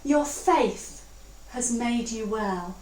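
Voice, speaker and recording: A woman from England preaching a sermon, reflective and earnest, slowing down to stress key words. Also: fairly high pitch, darkish tone, slight background noise. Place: church hall. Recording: roomy, distant mic.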